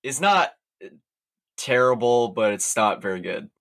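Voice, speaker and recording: A man's voice: medium pitch, very animated, measured pace, fairly bright tone. A young man in his twenties co-hosting a podcast, casual and a bit hesitant. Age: 20s. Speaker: podcast co-host. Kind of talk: casual chat.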